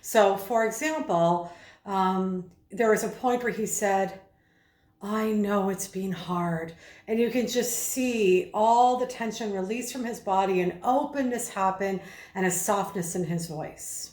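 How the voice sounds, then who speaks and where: A woman's voice: mid-range voice, measured pace, a little mellow, reverberant. A woman speaking coach giving an analytical video commentary, explaining and acting out the vocal emphasis she describes.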